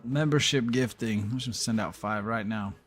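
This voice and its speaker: A man's voice: on the low side, brisk, faint music behind. A man streaming a football video game, chatting casually and telling a heated story with plenty of swearing. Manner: animated ranting storyteller, swears freely. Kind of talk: casual live-stream chat.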